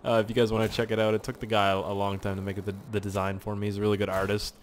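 With a lowish, fairly flat voice, a young Canadian gaming YouTuber fires off rapid commentary against slight background noise. He rambles casually, swears often, and yelps and yells at the game.

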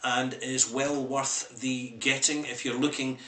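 A man's voice: medium pitch, little pitch movement, takes it slowly, fairly bright tone. A Scottish man chatting casually through a whisky review, rambling into asides, in an echoey room.

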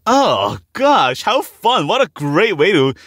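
A man's voice: high-pitched, wildly swooping pitch, takes it slowly, a bit bright, no room sound, clean studio sound. A man hosting a podcast interview, enthusiastic and encouraging as he asks his guest about his work. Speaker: podcast host.

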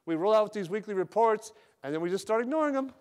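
A man's voice: high-pitched, lively intonation, fast talker, a little mellow, clear, resonant tone. A man speaking as a sales manager at a company retreat, giving a direct, joking, casual motivational talk.

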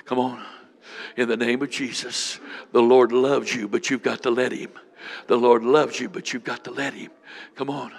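A man's voice: mid-range voice, fairly even intonation, moderate pace, creaky. A man preaching as a bishop, leading a fervent prayer with repeated lines and speaking in tongues. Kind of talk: sermon with prayer ministry.

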